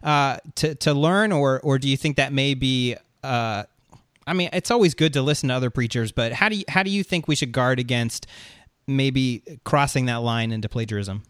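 A man's voice: mid-range voice, moderate pace, a bit bright, clean tone, dry recording. Hesitant male podcast host, dry sound. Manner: hesitant, restarting questions. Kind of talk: interview question.

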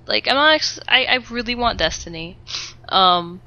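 A woman's voice: on the high side, expressive, moderate pace, pushed and bright. A woman co-hosting a podcast, ranting animatedly in casual chat and swearing freely. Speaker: podcast co-host. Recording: dull lo-fi podcast audio.

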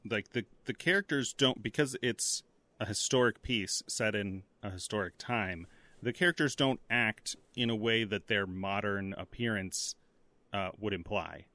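A man talking thoughtfully about films on a podcast, pausing often with fillers. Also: fairly low pitch, sharp tone, no echo. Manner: thoughtful, hesitant with many fillers. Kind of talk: casual movie discussion.

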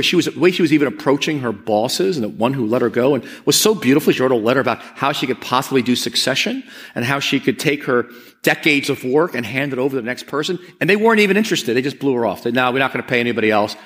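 Speaking in a mid-range voice, a man preaches a conversational sermon as pastor. He is earnest and keeps repeating words to drive his point home.

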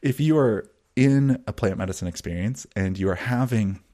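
A man teaching breathwork in a calm, measured, soothing way, with long pauses. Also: on the low side. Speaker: breathwork and wellness guide. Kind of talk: teaching monologue.

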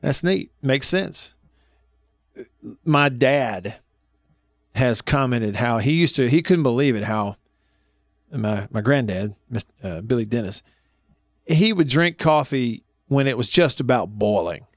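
A man's voice: medium pitch, lively intonation, slow, pauses often, no echo, clean studio sound. A man in his thirties hosting a radio talk show, telling folksy family stories and laughing often.

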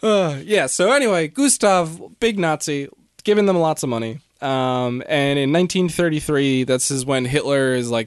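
A man's voice: mid-range voice, lively intonation, moderate pace, clean tone, no room sound, studio quality. A man hosting a casual history podcast, telling the story with jokes and laughter. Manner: joking, laughs often. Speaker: podcast host.

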